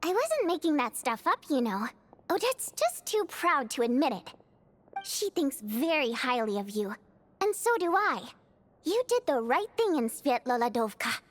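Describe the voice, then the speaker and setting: A woman's voice: high-pitched, normal speed. An actress playing a chatty, teasing young woman lead singer in a game. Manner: lively, teasing. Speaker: game character.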